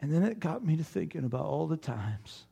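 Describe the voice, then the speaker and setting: A man preaching a sermon, telling a personal story with animated swings in volume and then dropping to a hushed, prayerful tone. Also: fairly high pitch, fairly quick, creaky, breathy edge. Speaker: pastor.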